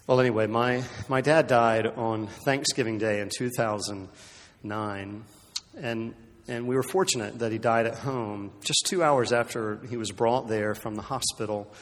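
A male pastor preaching a sermon, animated, swinging from loud emphatic peaks to hushed near whispers, with conversational asides and restarts. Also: mid-range voice, a little slow, long reverb tail.

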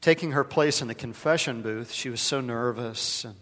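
A male pastor preaching a sermon, moving from loud, stressed phrases to quiet, hushed ones and doubling words when he gets stirred. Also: medium pitch, moderate pace. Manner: dramatic, swings from loud emphasis to hushed softness. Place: large worship hall. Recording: long hall reverb in a worship space.

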